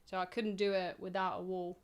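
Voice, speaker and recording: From a small home office, a young woman streamer chats casually and rambles, poking fun at herself. Her voice is on the low side with a level tone, and she talks a little fast.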